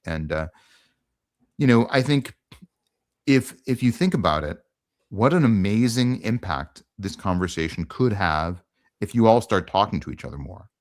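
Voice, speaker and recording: A man's voice: lowish voice, lively intonation, normal speed. A man hosting a casual online conversation, talking earnestly with frequent ums. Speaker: host.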